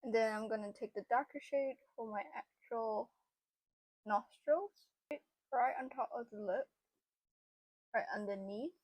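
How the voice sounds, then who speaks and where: A woman's voice: fairly high pitch, a little slow, long pauses, darkish tone, dry recording. A young woman narrating a makeup tutorial in a chatty, casual way, with lots of fillers. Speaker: beauty vlogger.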